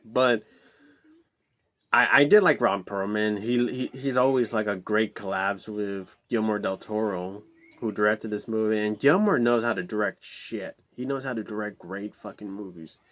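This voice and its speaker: A man's voice: lowish voice, normal speed, fairly bright tone. Profane, rambling man reviewing a movie. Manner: profane, rambling, frequent fillers and restarts; exasperated outbursts. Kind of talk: casual spoken movie review.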